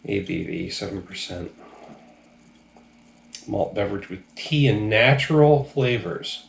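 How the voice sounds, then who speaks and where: A man's voice: lowish voice, expressive, unhurried, vocal fry, echoey room. A man casually reviewing drinks on his channel, a little tipsy, talking loosely and profanely with lots of ums. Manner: loose, profane, rambling with many fillers.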